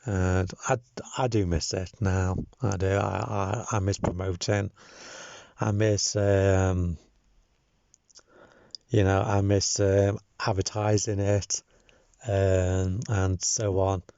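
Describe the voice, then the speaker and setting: Young guy talking slow and halting, lots of ums, mellow voice, dry dull lo-fi recording. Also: low voice, level tone, vocal fry, clean tone, dry recording. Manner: hesitant, many ums and restarts, sincere. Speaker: campaign organizer. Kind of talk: casual thank-you video message.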